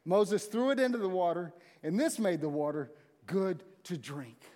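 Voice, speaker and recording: A man delivers a sermon in a chatty, animated way, slipping into the voices of the people in his story. His voice sits high for a man. It rings out with the long echo of a large hall. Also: moderate pace. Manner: conversational, animated storytelling with acted-out quotes. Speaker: pastor.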